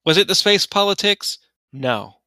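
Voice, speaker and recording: A man's voice: high-pitched, sing-song, unhurried, pushed and bright, dry recording, studio quality. A man hosting a casual podcast chat, asking questions with a curious, playful manner.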